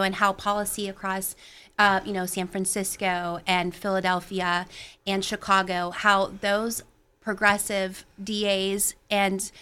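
A woman who organizes grassroots volunteers, speaking in a steady, earnest way in a talk show conversation. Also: mid-range voice, smooth.

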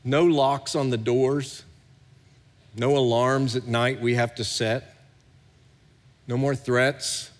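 Animated preaching man in a reverberant hall. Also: mid-range voice, slow pace, long pauses. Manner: animated preaching, swinging from hushed to loud. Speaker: pastor. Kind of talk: sermon.

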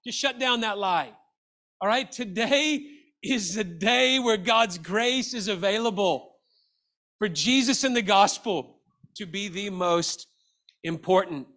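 A man's voice: high-pitched, animated, takes it slowly, pushed and bright. A middle-aged man preaching a sermon, earnest and exhortative, asking the congregation rhetorical questions. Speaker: pastor.

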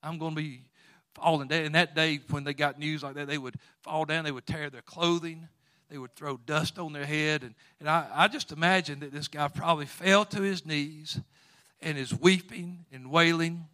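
A man preaching a sermon, moving from quiet storytelling to loud, fervent exhortation with folksy phrasing. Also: a little high, fairly even intonation, moderate pace.

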